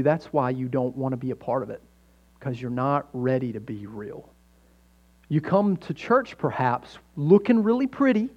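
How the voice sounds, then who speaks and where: A male pastor delivers a sermon in a folksy, joking way, often turning to the congregation with a quick "right?". His voice sits a little high, and the recording sounds somewhat dull and lo-fi. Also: darkish tone.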